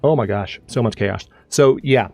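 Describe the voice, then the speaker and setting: A man's voice: mid-range voice, normal speed, creaky, darkish tone, dry recording, soft background music. A man hosting his own live stream, chatting casually and animatedly, rambling with restarts while he plays a game. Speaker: streamer and channel host.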